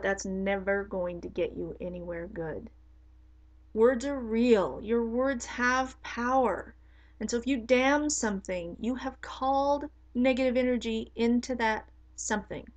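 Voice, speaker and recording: A middle-aged woman, a spiritual teacher, talking straight to camera in a forceful, blunt, emphatic way. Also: mid-range voice, vocal fry, low-quality recording. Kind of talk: casual monologue to camera.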